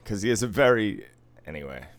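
A man's voice: lowish voice, expressive, a little fast, no echo. A man from Boston co-hosting a podcast, telling teasing stories in casual chat. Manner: teasing storyteller.

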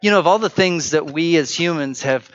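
A man's voice: fairly high pitch, brisk, dry recording, lo-fi sound. A man preaching a sermon as pastor, speaking in a conversational way with frequent fillers and restarts. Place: church.

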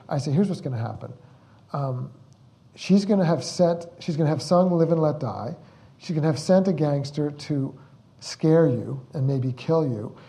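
Man, film director, rambling anecdotes, warm mellow tone, slightly high voice. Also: creaky. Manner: rambling, repeats words, acts out the quotes he tells. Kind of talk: anecdotal storytelling at a Q&A.

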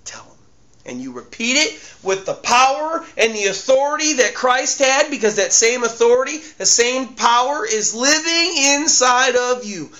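Emphatic, bright-voiced male preacher. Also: very high voice, lively intonation, moderate pace. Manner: emphatic, repeats key phrases. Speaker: pastor. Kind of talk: sermon.

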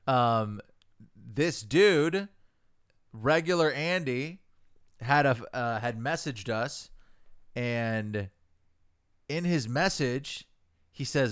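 A man's voice: mid-range voice, animated, extremely slow, long pauses, fairly bright tone, smooth, dry recording, clean studio sound. A man chatting as a laid-back, playful guest on a comedy podcast. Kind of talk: casual comedy podcast chat.

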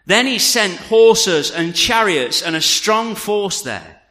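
Man, preacher, sermon, scripture reading, joking asides, bright voice, long hall reverb. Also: high voice, takes it slowly. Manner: jokey, animated asides to the congregation. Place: church hall.

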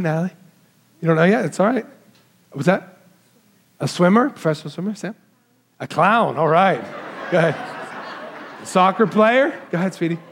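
A pastor with a high voice delivers a Christmas sermon in a conversational way. He walks through the congregation and asks the children questions. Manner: warm, conversational preaching, walks into the crowd asking kids questions.

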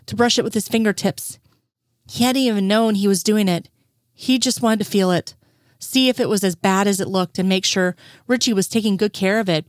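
A woman's voice: mid-range voice, dry recording. Woman reading fan fiction, dry sound. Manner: casual, profane storytelling. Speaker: narrator.

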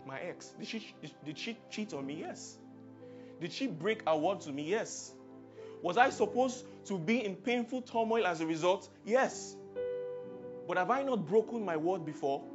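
A male preacher with a Nigerian accent delivers a sermon, dropping to near-hushed tones and then rising into forceful, emphatic climaxes. His medium-pitched voice comes through a dull, muffled recording, with soft music faint underneath. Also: lively intonation, normal speed.

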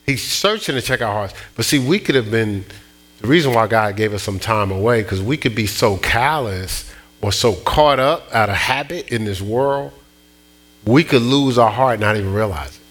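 A man's voice: on the low side, lively intonation, moderate pace, a bit bright. A man preaching a sermon, telling a personal story with many restarts and bursts of rising emphasis. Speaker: pastor.

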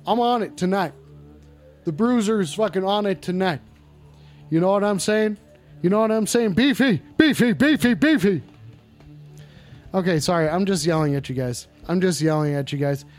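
A man with a high voice hosts a call-in show, loud-mouthed and blustering, full of curses and repeated lines. Faint music plays behind him. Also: fairly quick. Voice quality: brash, blustering and profane, often repeats himself. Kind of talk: comedic call-in livestream in character. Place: indoors at home.

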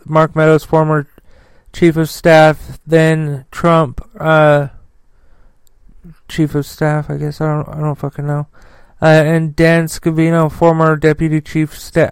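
A man hosts a political news commentary podcast in a fairly high, crisp voice. The sound is dry and close. He talks bluntly and swears freely, and reads the news haltingly with many fillers. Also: no room sound. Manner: profane, blunt. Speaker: podcast host.

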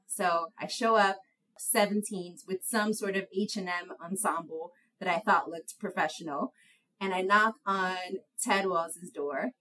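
A young woman, a guest in an interview, telling stories in an animated way with frequent laughter at herself. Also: poor audio. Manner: animated storyteller, laughs at herself, high light voice. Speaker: guest, attorney. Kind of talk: conversational interview.

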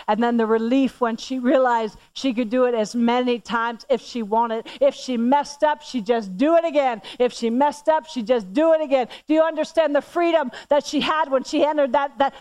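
A woman in her forties giving a sermon, telling a family story with lively acted-out dialogue and repeated phrases. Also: sits high, no room sound. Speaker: church speaker.

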